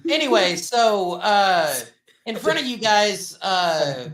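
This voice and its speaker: A woman's voice: mid-range voice, very animated, takes it slowly. Woman player narrating, distant and echoey. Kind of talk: casual tabletop narration.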